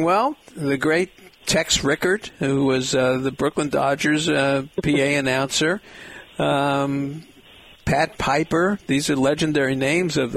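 A man's voice: medium pitch, creaky. A man hosting a radio interview, chatting and telling old stories. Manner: chatty storyteller. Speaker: radio host.

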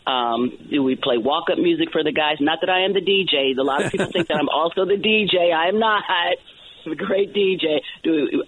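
A man who announces at a ballpark, calling in to chat, often stopping and repeating his words. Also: on the high side. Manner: halting, restarts and repeats words. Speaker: ballpark public address announcer. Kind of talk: casual phone-in chat. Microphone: telephone. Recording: tinny phone line.

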